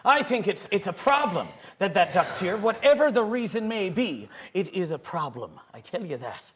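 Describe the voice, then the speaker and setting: A young man playing a rambling, excitable fisherman in a student comedy news skit, full of fillers and chuckles. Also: high-pitched, a little hiss or hum. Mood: excited. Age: young adult. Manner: hesitant, full of fillers, chuckling, quick to get worked up. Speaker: interviewee.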